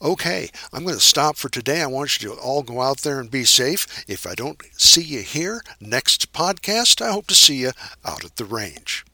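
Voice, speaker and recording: A man's voice: medium pitch, sing-song, moderate pace, few pauses, bright, forceful tone, no echo. A man hosting a solo podcast, speaking in an earnest, urging way and repeating his key phrases for emphasis. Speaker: podcast host.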